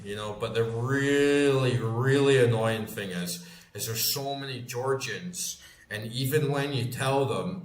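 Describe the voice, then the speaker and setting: Scottish man, thirties, casual streamer chat, rambling and sweary, mid pitch, echoey room. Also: animated, a little slow. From Scotland. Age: 30s. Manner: rambling, swears freely, chatty storytelling. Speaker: gaming streamer. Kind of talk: casual chat while gaming.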